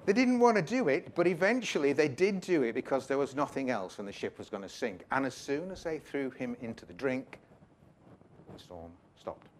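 A man's voice: medium pitch, lively intonation, normal speed, a little hiss or hum. A man giving an informal, jokey sermon, retelling a Bible story with chatty asides. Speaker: preacher.

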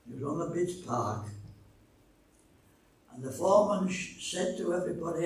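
Older man, sermon, personal story, slow, dramatic, very echoey hall, distant mic, faint noise. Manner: slow, dramatic, wide swings in pitch and loudness. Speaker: preacher.

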